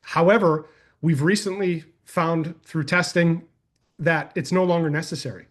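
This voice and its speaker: An energetic man hosts a live coaching call and answers attendee questions in a folksy, conversational way. His voice sits a little high for a man, and he talks with loose, friendly enthusiasm. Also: normal speed. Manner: energetic and folksy, uses "y'all", tells anecdotes. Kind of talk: casual webinar Q&A.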